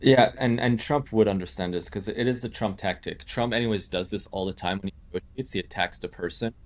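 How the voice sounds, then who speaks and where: A man's voice: on the low side, brisk. A man co-hosting a political podcast, talking casually and energetically, with some swearing. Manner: energetic, agreeing, profane. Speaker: podcast co-host.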